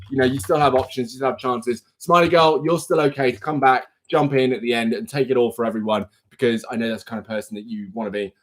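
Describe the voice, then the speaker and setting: A young man hosting a casual quiz livestream on his phone, chatty and teasing as he reads out questions and multiple-choice options. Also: a little high. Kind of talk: casual live-stream chat.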